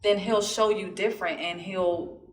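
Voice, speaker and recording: Earnest woman host, mid-pitched voice, talks things through with simple examples, recorded in a roomy space. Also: fairly even intonation, normal speed, a little hiss or hum. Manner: earnest, explains with everyday examples. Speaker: podcast host. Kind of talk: casual podcast chat.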